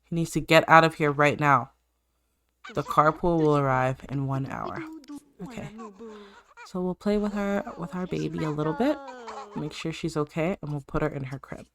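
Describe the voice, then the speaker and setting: A woman's voice: sits low, moderate pace, fairly bright tone. A woman hosting a let's-play, chatting through her life-sim gameplay and talking straight to her game characters. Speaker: gaming channel host.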